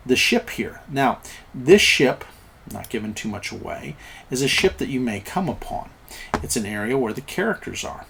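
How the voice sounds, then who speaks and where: A man of middling pitch giving casual game master tips, chatty and thinking aloud as he goes. He trails off now and then while searching for a word, and a faint hiss runs under his voice. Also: very animated, normal speed, gravelly. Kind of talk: casual tips talk over game maps.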